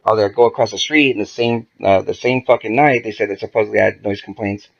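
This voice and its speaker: Guy with a low gravelly voice swearing his way through a story, kinda muffled lo-fi sound. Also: fast talker. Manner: profane, animated, acts out quoted dialogue. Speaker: podcast guest. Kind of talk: casual storytelling.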